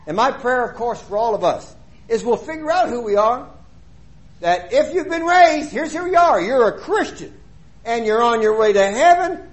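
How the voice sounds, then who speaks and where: A middle-aged male preacher with a strikingly high voice delivers a sermon. His pitch rises and falls in lively swings as he fires off rhetorical questions, alternating between loud emphasis and quiet asides. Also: moderate pace.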